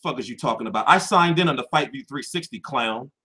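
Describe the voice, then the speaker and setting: A man's voice: medium pitch, animated, quick pace, sharp tone, slightly rough. A young man hosting a boxing channel, answering viewers in a heated, profane livestream chat.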